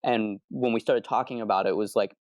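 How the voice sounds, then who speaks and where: A man's voice: on the low side, steady tone, fast talker, no echo. Rambling casual man, dry close sound. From Arizona. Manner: rambling, self-correcting, candid. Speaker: comic book co-creator guest. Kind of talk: casual interview chat.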